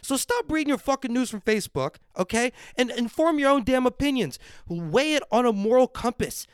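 A man's voice: sits high, clean tone, dry recording, studio quality. A man hosting a podcast on a livestream, ranting and swearing constantly while he drinks and reacts to viewers. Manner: drinks on air and reads viewer comments. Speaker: podcast host. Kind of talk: profane livestream rant. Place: at home.

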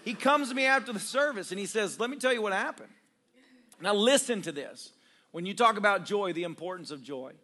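A man's voice: high-pitched, expressive, brisk, sharp tone. A man preaching a storytelling sermon as a pastor, humorous and self-deprecating, laughing often as he talks straight to his congregation. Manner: conversational, addresses congregation directly.

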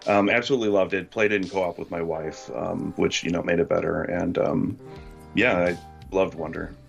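A man's voice: low voice, steady tone, moderate pace, vocal fry, muffled recording, faint music behind. A man, a guest critic, chatting casually on a gaming podcast, talking hesitantly with many ums and you-knows.

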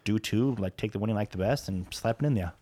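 Bantering, slightly low-voiced guest. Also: male voice, mellow. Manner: bantering, quick jokes, easy laughs. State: a bit tipsy. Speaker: podcast guest. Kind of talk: casual chat among friends.

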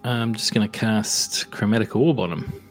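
A man's voice: on the low side, moderate pace, faint music behind. A man playing a tabletop game, playful and searching for words as he describes a spell. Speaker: player. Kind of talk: casual tabletop game chat.

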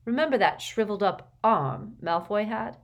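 A woman's voice: mid-range voice, big pitch swings, normal speed, pitched above the performer's own voice. A woman voicing a blunt teenage boy who blurts out incredulous remarks. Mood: offhand.

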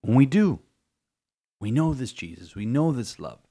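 A man's voice: mid-range voice, sing-song, moderate pace, dark tone, husky. A man who is a priest, reflecting on scripture in an emphatic, repetitive way, often restarting his sentences. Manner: emphatic, repeats phrases, stumbles and restarts. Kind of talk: podcast homily-style reflection.

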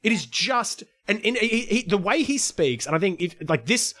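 High-voiced ranting man. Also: big pitch swings, normal speed, a bit bright. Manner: heated, swearing, ranting. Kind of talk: casual political chat.

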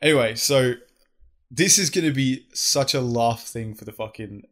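A young man co-hosting a casual podcast, animated and laughing, swearing freely. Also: medium pitch, normal speed. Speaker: podcast co-host. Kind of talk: casual chat.

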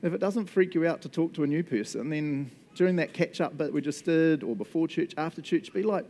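Brief: jokey New Zealand male pastor, animated sermon into a handheld mic. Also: on the high side, brisk, few pauses. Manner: chatty, joking, animated. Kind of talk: lively sermon. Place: church hall. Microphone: handheld microphone.

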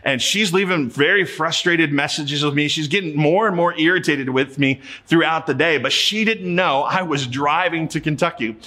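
A man's voice: fairly high pitch, normal speed, hardly any pauses, bright, forceful tone. A middle-aged man from Ohio preaching a sermon as pastor, telling a personal story in a conversational way and often repeating words as he starts a sentence.

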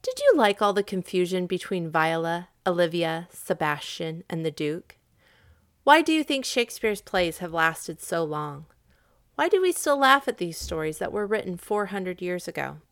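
A woman narrating a classic story for listeners, expressive and acting out the characters' lines. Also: on the low side, moderate pace.

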